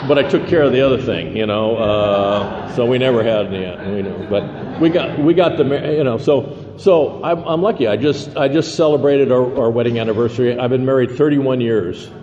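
A man's voice: medium pitch, normal speed, hardly any pauses, dark tone. An older man giving a personal recovery share, rambling with many fillers and restarts and a self-deprecating humor. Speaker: recovery meeting speaker. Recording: echoey hall with faint noise.

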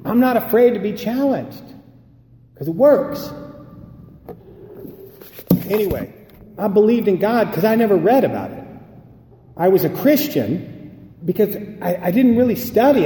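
His pitch is extremely high and mellow as this man, a recovery speaker, delivers an emphatic talk in an echoey hall. He tells stories and performs the dialogue within them.

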